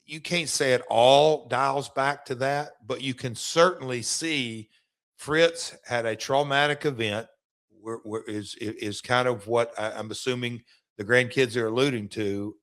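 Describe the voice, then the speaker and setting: A middle-aged man tells stories on his podcast in a loose, rambling flow. He stammers and restarts his sentences often. His voice sits at an ordinary middle pitch. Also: a bit bright. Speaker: podcast host, former wrestler. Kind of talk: casual storytelling chat.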